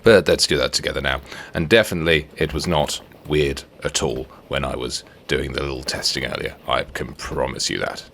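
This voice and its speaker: A man's voice: extremely low pitch, fairly quick, background noise. A man hosting a let's play, giving chatty, playful commentary and joking with himself as he builds. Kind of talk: casual gameplay commentary.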